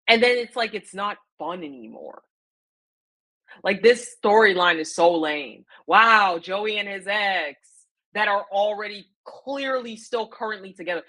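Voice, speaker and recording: A woman's voice: mid-range voice, pushed and bright. A woman recapping a reality show in casual chat, opinionated and emphatic, repeating her points and using slang and fillers. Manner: chatty, with frequent fillers and slang.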